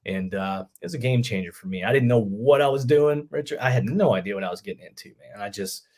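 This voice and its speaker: A man's voice: fairly low pitch, fast talker. A middle-aged army veteran telling his story casually in an interview, peppering it with "man" and acting out what others said. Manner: animated, acts out quoted voices, lots of "man". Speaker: podcast guest, army veteran.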